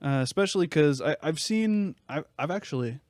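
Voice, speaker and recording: A man's voice: fairly high pitch, lively intonation, normal speed, darkish tone, no echo, clean studio sound. Young man rambling in casual chat. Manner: rambling, jokey, full of fillers and restarts. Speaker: podcast co-host.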